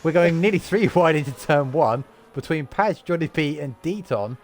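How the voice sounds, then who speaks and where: A tired man from the UK giving lively, chatty live commentary on an online racing league and reading out lap times. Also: fairly high pitch, moderate pace, a little hiss or hum. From United Kingdom. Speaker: race commentator.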